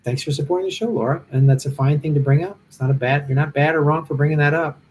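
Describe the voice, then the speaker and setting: A man's voice: on the high side, steady tone, fast, darkish tone, a little hiss or hum. A middle-aged man, a stand-up comic, talking bluntly and passionately as he answers viewer comments from a hotel room. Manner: impassioned, blunt, rambling. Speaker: stand-up comic hosting a live Q&A stream.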